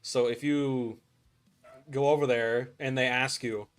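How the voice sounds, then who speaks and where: Young dude gaming and rambling on, laughs a lot, says dude constantly. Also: male voice, medium pitch, fairly even intonation, slow pace. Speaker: gaming streamer. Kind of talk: casual gameplay chat.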